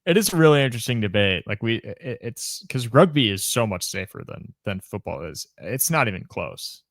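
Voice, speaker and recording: A man's voice: fairly low pitch, sing-song, normal speed, a bit bright, no echo, clean studio sound. A young man co-hosting a casual sports podcast, joking in a laid-back, mumbly way. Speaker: podcast co-host.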